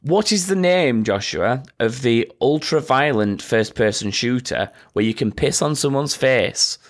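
A man's voice: mid-range voice, animated, a little slow. A man hosting a casual quiz with friends, reading out questions and making sarcastic, sweary asides. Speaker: quizmaster.

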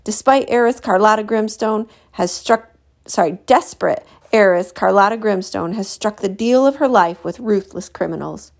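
A woman reads aloud as a self-important TV reporter who intones every line like a broadcast. Her gravelly tone runs under it. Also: mid-range voice, moderate pace, natural voice. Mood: pompous. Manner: intoning, announcer-like. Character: pompous male TV reporter.

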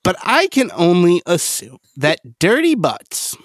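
A man's voice: high voice, huge pitch swings, unhurried, dry recording, clean studio sound. A man co-hosting a podcast, playful and crude in casual chat. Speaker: podcast co-host.

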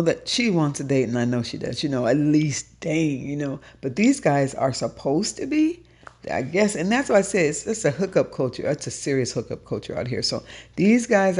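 A woman, a dating coach, telling her own dating stories in a casual vlog, animated and profane, jumping up high when she quotes herself.

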